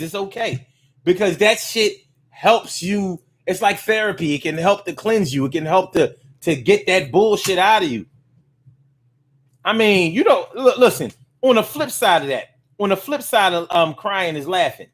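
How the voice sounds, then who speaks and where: A man with a fairly high-pitched voice hosts a relaxed livestream and reads comments from his viewers. His talk is loose and full of cursing. He often circles back and repeats phrases. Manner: loose, profane and conversational, with frequent repeats and fillers. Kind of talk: casual livestream chat.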